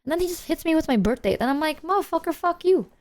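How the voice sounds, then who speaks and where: Animated, swearing woman streamer. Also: high-pitched, very fast. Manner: animated storytelling, heavy swearing. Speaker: live streamer. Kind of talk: casual chat to a stream audience.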